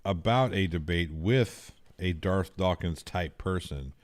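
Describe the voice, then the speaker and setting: Very deep-voiced dry, teasing man. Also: slow pace, dry recording. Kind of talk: casual podcast chat.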